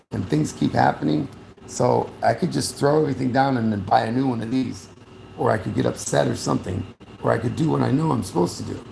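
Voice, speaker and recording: A man's voice: medium pitch, gravelly, darkish tone, reverberant, slight background noise, poor audio. A man talking blunt and rambling in a casual vlog, often correcting himself as he goes, recorded on a camera mic in a room. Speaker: vlogger.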